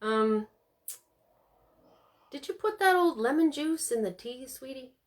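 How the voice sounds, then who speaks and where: A woman voicing a patient, weary middle-aged mother who speaks gently and coaxingly. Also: high-pitched, lively intonation, a little slow, voice pushed up. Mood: gentle, weary.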